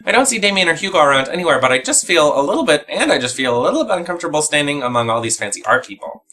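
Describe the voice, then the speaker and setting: Man, let's play host, playful and theatrical, bright, very lively pitch. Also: racing, soft background music. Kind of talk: reading a visual novel aloud with commentary.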